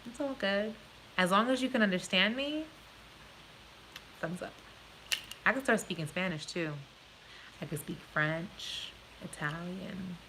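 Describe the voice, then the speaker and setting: A woman's voice: fairly low pitch, a little slow, long pauses, a bit bright, a little hiss or hum, low-quality recording. Blunt woman with a New Jersey accent. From born in Puerto Rico, raised in New Jersey. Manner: blunt, frank, swears freely. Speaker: vlogger answering live viewer questions. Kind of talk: casual live-stream chat.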